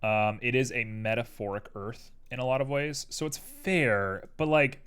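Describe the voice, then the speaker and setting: A man's voice: mid-range voice, normal speed, clear, resonant tone. Rambling young man streaming, keyboard clicks. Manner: rambling, tangential, animated. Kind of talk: casual live-stream chat while 3D modeling. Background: keyboard clicks and typing.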